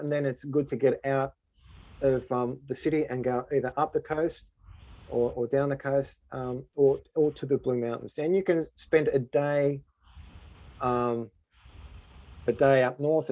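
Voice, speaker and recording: A man's voice: mid-range voice, steady tone, normal speed, mellow, no echo. An Australian man, a tour guide, answering questions in an easygoing, explanatory way. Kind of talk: casual Q&A answers.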